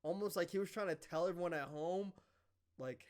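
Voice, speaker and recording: A young man casually recapping a wrestling show, excitable and full of fillers and swearing. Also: sits high, brisk. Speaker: wrestling review host.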